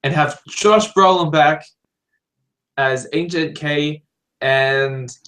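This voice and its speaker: A man co-hosting a film podcast, thinking out loud eagerly and changing his mind as he goes. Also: fairly high pitch, slow pace, a little hiss or hum, low-quality recording. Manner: eager, thinks aloud, flips ideas. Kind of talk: casual chat.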